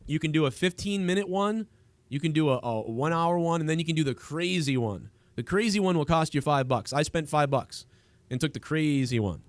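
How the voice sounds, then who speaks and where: A man's voice: on the high side, expressive, fairly quick, no room sound. A man hosting a livestream in casual chat, rambling with frequent restarts and trailing thoughts. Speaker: livestream host.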